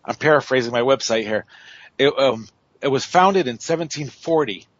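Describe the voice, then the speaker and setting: A man's voice: mid-range voice, moderate pace, dull audio. A man telling a story on a radio show, rambling with many fillers and restarts. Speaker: paranormal investigator guest.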